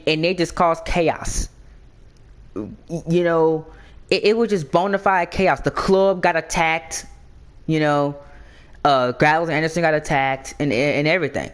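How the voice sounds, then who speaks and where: A man hosting a wrestling game channel, talking through a casual recap, excitable, stammering and repeating words with many fillers. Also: high-pitched.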